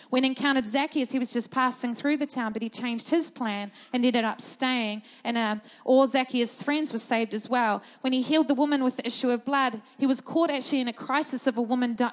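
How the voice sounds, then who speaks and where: A woman preaches from the front, her voice riding high. She tells personal stories in an easy, conversational way, then presses her points with urgent, rising emphasis. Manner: passionate, storytelling, builds to urgent emphasis. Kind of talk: sermon.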